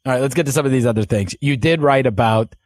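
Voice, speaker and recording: A man co-hosting a sports podcast in casual chat, animated and quick to slip into put-on voices. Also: medium pitch, no room sound, clean studio sound. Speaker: podcast co-host.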